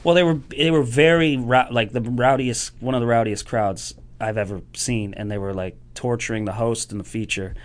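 A man spins comedy stories in a relaxed, chatty way, jumping up high to act out other people's lines and laughing as he goes. His voice sits in an ordinary middle register. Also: a little fast, few pauses. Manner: animated storyteller acting out quotes, laughs often. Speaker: stand-up comedian guest. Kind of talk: casual chat with anecdotes.

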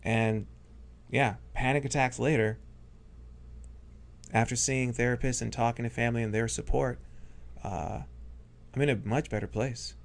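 A man's voice: mid-range voice, fairly even intonation, moderate pace, gravelly, long pauses. A man, a stage hypnotist, telling stories in a rambling casual chat, full of fillers and acted-out quotes. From raised Catholic. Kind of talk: casual podcast chat, storytelling.

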